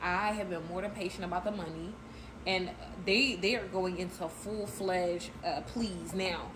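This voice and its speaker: A young woman with a fairly low, steady voice tells a personal story at an unhurried pace in a casual storytime. She's chatty and speaks directly to her viewers, calling them y'all, in a noisy phone recording with ambient sound.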